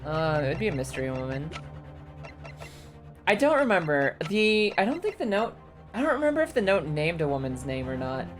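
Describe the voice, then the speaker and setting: A woman's voice: low voice, very animated, brisk. A woman streaming a game, chatting casually with lots of swearing, giggles and exclamations, over game music.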